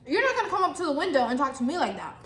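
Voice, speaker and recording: Young woman vlogging a storytime while she eats, chatty and animated, echoey room, bit of hiss behind. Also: high-pitched, rapid-fire. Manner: animated, talks while chewing, acts out the customer exchange. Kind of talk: casual storytime while eating. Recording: echoey room, faint background noise.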